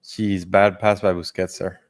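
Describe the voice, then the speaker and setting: A man at a football watch-along offering blunt opinions on the calls and the plays. His voice sits somewhat low. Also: level tone, unhurried. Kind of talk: casual chat over a live match.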